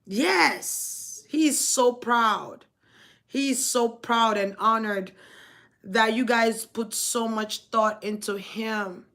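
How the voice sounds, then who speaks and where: Slow-talking woman giving a spiritual reading. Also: fairly high pitch, a bit bright. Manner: halting, emotional, searching for words. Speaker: spiritual reader.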